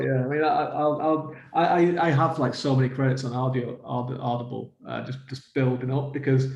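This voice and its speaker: A podcast host from northern England, with a mid-range, darkish voice and vocal fry, keeps a casual interview chatty and affirms often with frequent yeahs. The call audio sounds roomy and dull.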